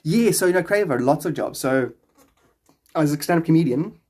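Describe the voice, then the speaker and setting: A man's voice: a little high, expressive, moderate pace, warm tone. A man with a South African accent, rambling casually on a livestream and answering chat questions aloud.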